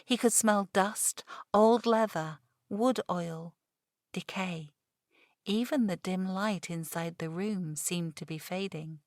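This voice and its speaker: A woman's voice: on the low side, slow, darkish tone, no echo, clean studio sound. Woman narrating a ghost story. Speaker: audiobook narrator. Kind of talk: scripted narration.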